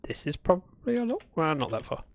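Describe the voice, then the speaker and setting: A man's voice: on the high side, very animated, fairly quick, creaky. A man chatting through a gameplay livestream, talking to himself and greeting viewers. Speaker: streamer. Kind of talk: casual gameplay livestream commentary.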